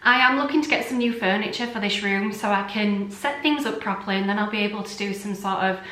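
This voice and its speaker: A woman's voice: medium pitch, fast talker, sharp tone, reverberant. A woman from the UK chatting casually to camera as a beauty vlogger at home, gushing and filling her talk with ums and likes. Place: room at home.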